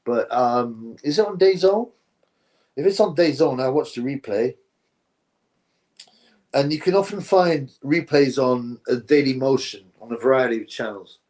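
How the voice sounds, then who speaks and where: Male stream host, relaxed rambling chat delivery. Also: mid-range voice, unhurried. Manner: rambling, drifts between topics, says "bro" often. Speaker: livestream host reading chat. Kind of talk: casual live-stream chat.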